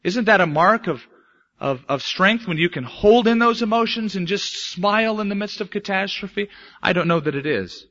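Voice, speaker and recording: A male preacher with a bright, ringing tone and a voice sitting a touch high. He moves between quiet, drawn-out words and sudden emphatic rises. The recording sounds dull and lo-fi. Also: lively intonation. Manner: dramatic swings between soft and emphatic delivery. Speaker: pastor. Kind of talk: sermon. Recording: muffled lo-fi recording.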